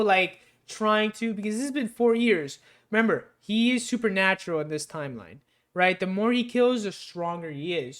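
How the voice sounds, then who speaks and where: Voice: mid-range voice, fairly bright tone, smooth. A movie reviewer casually recapping a film with spoilers, rambling loosely with lots of fillers, restarts and swearing.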